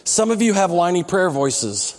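A pastor with a fairly high voice preaches in a relaxed, chatty way and builds to urgent, emphatic appeals. His voice carries a long reverb from the big church sanctuary around him. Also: moderate pace. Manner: conversational, joking, rising into emphatic exhortation. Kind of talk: sermon.

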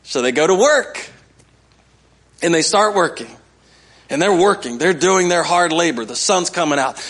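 A man's voice: a little high, animated, normal speed, fairly bright tone. A male pastor giving a sermon in a conversational way, coaxing the congregation to respond.

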